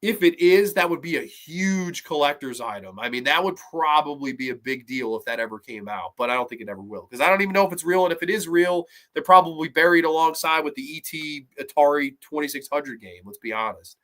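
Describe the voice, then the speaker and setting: A man reviewing horror films in a casual, profane and rambling way, often breaking into animated rants. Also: fairly high pitch, a little fast, few pauses.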